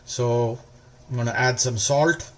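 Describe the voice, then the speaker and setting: A man hosting a cooking demonstration, explaining each step calmly and stretching words for emphasis. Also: mid-range voice, measured pace. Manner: calm, step-by-step instructional. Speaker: cooking channel host.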